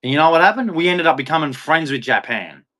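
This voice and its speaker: A man's voice: fairly high pitch, lively intonation, quick pace, fairly bright tone. A middle-aged Australian man hosting a live stream, taunting viewers in a combative rant full of "dude". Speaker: livestream host.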